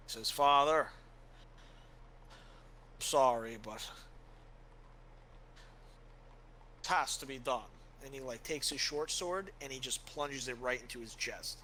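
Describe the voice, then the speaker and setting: A man narrating a tabletop game as game master, loose and full of fillers. His voice is bright and clear. There is a faint hiss behind him. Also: mid-range voice, low-quality recording. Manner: loose storytelling, many fillers.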